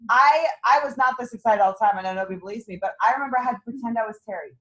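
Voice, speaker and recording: A woman with a high, bright-toned voice leads her sales team through a motivational talk. She is bubbly and laughs often, pushing her group to get excited as she speaks to a small room. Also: rapid-fire, rough recording. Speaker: team leader running a sales meeting.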